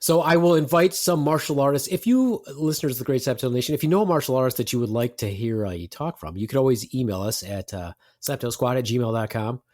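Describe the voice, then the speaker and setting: A man's voice: mid-range voice, animated, fast talker, few pauses, darkish tone. A middle-aged man hosting a podcast, teasing and rambling in casual banter. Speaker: podcast host.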